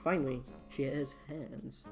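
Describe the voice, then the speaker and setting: Low-voiced woman cracking jokes. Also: fairly even intonation, gravelly, a little mellow, faint music behind. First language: Dutch. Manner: playful, quick jokes. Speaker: co-host. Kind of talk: casual chat.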